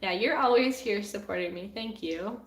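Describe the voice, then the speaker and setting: A woman's voice: mid-range voice, normal speed, roomy sound. A woman, a painter chatting casually with her viewers on a live stream, laughing often and filling her talk with "like.". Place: home studio room.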